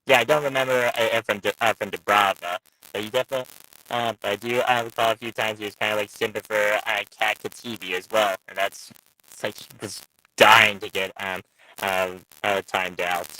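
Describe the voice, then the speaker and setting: A man's voice: on the low side, steady tone, fairly quick, pushed and bright, no echo, rough recording. A man calling in to a live stream, rambling with lots of uhs and restarts. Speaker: caller on the stream. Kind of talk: casual chat.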